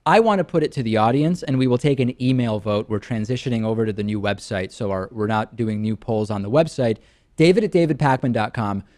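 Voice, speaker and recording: A man hosting a talk show, chatting in a dry, measured, lightly joking way. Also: mid-range voice, darkish tone. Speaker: show host. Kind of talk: casual talk show banter.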